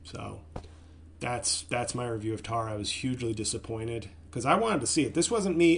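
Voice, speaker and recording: A man's voice: medium pitch, normal speed, creaky, slight background noise. Furious profane man ranting. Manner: angry, profane ranting with stumbles. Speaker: podcast host, comedian. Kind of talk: solo podcast rant.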